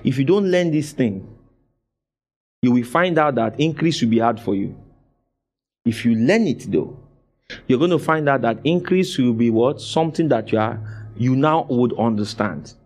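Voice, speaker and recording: A man's voice: medium pitch, animated, moderate pace, pauses often, a little mellow. A man preaching a sermon, exhorting his congregation with call-and-response and repeating phrases for emphasis. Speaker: pastor.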